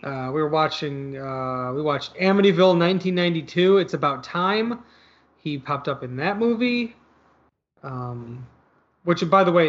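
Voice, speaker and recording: A man with a notably high voice talks loosely about a film, circling his points with "like" and "I mean." The sound is a little dull and lo-fi. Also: lively intonation, normal speed, fairly bright tone. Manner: rambling, hedging with fillers. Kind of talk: casual movie discussion. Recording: slightly dull lo-fi audio.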